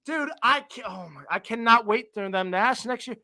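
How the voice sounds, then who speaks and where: A young man co-hosting a sports podcast, ranting in an animated way with a voice that climbs higher when he gets fired up. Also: normal speed, hardly any pauses, no echo. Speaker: podcast co-host. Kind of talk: casual sports chat.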